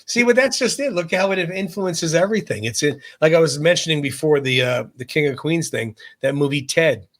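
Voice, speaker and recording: Chatty podcast man, slightly high voice. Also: expressive, fairly quick, few pauses, a bit bright. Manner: chatty, recounting references with amused asides. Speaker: podcast co-host. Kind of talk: casual chat.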